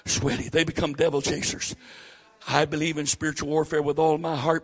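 Older southern pastor guy preaching, kinda high voice, gets loud and punchy on the big lines. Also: little pitch movement, a little fast. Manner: preaching, swells loud and high on key phrases. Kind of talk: sermon.

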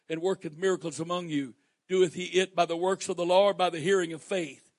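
Pastor, male, Southern accent; high gravelly voice, dry close sound, dynamic preaching delivery. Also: fairly even intonation, fairly quick, no echo. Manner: preaching, swinging from quiet asides to shouted emphasis. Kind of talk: sermon.

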